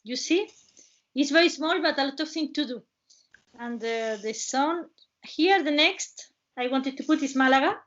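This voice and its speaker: Woman host with an Andalusian accent, high voice, presenting over a dull, muffled video-call line in halting, restarting English. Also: expressive, a bit bright. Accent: Andalusian Spanish. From Cádiz province, Spain. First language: Spanish. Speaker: webinar host and travel guide.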